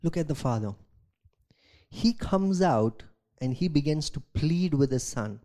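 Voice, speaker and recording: A man, a pastor, preaching a sermon, reading scripture aloud and asking rhetorical questions, swinging from loud emphasis to quiet asides. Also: fairly high pitch, lively intonation, unhurried. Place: church.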